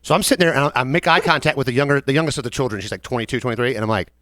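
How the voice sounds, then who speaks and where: A man's voice: mid-range voice, very fast, no room sound. A young man with a Southern American accent, co-hosting a casual chat and telling a story from his bartending job, acting out the customers. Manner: animated, acts out customers in quoted voices. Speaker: podcast co-host, bartender.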